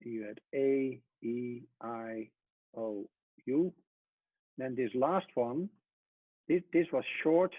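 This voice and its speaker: A man teaching a Hebrew lesson at a whiteboard, explaining step by step and often trailing off softly. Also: mid-range voice, no room sound. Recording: tinny phone-like sound.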